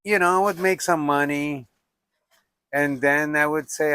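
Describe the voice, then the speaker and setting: Slow-talking older man. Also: a little high, fairly even intonation, sharp tone, smooth, dry recording. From Russia. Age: 70s. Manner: unhurried, musing, with frequent "you know" and "like". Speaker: documentary subject. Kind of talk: reflective personal storytelling.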